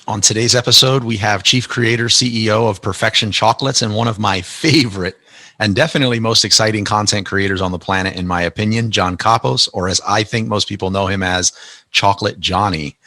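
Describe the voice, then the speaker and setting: A man's voice: fairly low pitch, steady tone, a little fast, sharp tone, no echo. A man hosting a podcast interview, chatting eagerly and often restarting his words. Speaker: podcast host. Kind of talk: casual interview chat.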